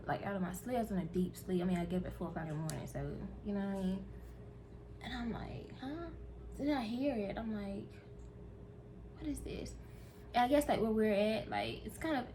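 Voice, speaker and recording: A woman's voice: medium pitch, a little mellow. Chatty woman vlogger from north carolina, talking straight to her viewers, bit of noise behind. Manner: chatty, candid, talks to viewers directly. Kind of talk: casual vlog chat.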